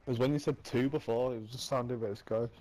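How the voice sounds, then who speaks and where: A man's voice: medium pitch, fairly even intonation, rapid-fire, dark tone. Teasing man, noisy chat. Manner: teasing, laughs often. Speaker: player in game voice chat. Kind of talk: casual gaming voice chat.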